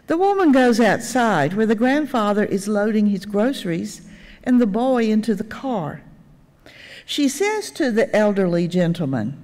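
An older woman lay speaker giving a sermon in a church sanctuary, telling stories with gentle humor. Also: mid-range voice, animated. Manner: unhurried storytelling with gentle humor. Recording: long reverb in a church sanctuary.

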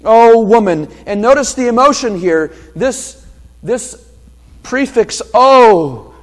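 Animated preacher in a reverberant hall. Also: male voice, very high voice, takes it slowly. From New Hampshire. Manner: emphatic, builds to loud passionate peaks. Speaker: pastor. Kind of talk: expository sermon.

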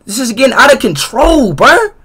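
A young man streaming a game, talking in an excitable, exasperated, profane way that keeps breaking into shouts. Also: very high voice, moderate pace, breathy edge. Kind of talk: live game-stream commentary.

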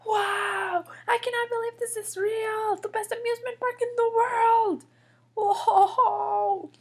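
A woman voicing an excitable, boastful little boy in a toy figure story, with bouncy, squealing cheers. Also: very high-pitched, a little slow, gravelly, full character voice. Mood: amazed.

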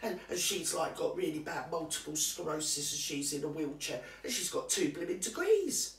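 A performer doing a gossipy older woman, chattering away in confiding asides and teasing jabs. Her pitch swoops up and down with relish. She sounds a step back from the mic in a roomy space. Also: sing-song, moderate pace, recorded from a distance. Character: gossipy older British woman, nosy and cheeky. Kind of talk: comic character monologue to camera.

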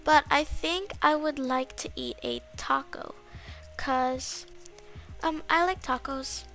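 A woman commenting on her own video game play, excitable and quick to gasp and shriek in fright. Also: high voice, soft background music. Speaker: gaming channel host. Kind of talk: Roblox gameplay commentary.

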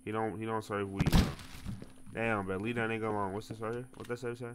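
A man, playing a horror game and talking to it loudly, with lots of slang and swearing. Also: lowish voice, flat delivery, fast talker, very noisy. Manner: loud, slangy, swears a lot, talks to the game. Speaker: gaming streamer.

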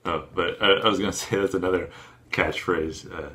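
A man hosting a reaction video, talking in a relaxed, rambling way and laughing often. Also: low-pitched, brisk, background noise. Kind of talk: casual commentary.

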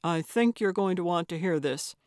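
A woman voicing a relaxed, matter-of-fact bearded family man. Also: lowish voice, moderate pace, dry recording, clean studio sound, close to an everyday voice. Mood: easygoing.

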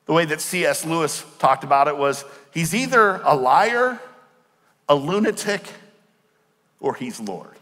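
Man, pastor, sermon, high voice, questions to congregation, reverberant hall. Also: very animated, fairly bright tone. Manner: asks the congregation questions, explains words slowly.

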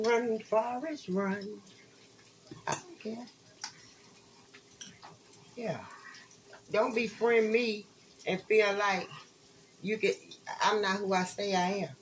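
A woman's voice: medium pitch, slow, long pauses, slight background noise, poor audio. A woman chatting bluntly and profanely to her viewers while frying food in her home kitchen, calling them y'all. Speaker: online spiritual reader. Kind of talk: casual rambling talk to viewers.

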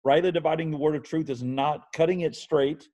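A man hosting an interview, thoughtful and measured, often restating his points. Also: on the high side, steady tone, mellow. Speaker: interview host. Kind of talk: casual interview conversation.

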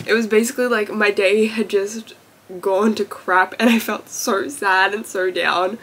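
A woman's voice: medium pitch, fairly even intonation, normal speed. A young woman talking casually to camera at home as a vlogger, chatty and gushing with lots of fillers. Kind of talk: casual vlog chat.

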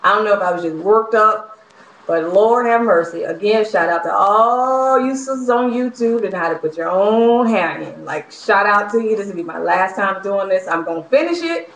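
A woman's voice: mid-range voice, expressive, moderate pace, a bit bright. Exasperated young woman venting in an echoey room. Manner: exasperated, profane, laughing ranting. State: frustrated, worked up. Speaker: vlogger. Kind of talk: casual venting vlog. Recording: echoey room, faint noise.

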